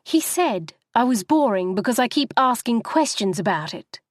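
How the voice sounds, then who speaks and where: A woman voicing a furious young wife arguing in a taxi, her lines high and shrill. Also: lively intonation, dry recording, studio quality. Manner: shrill, raging, rapid outbursts.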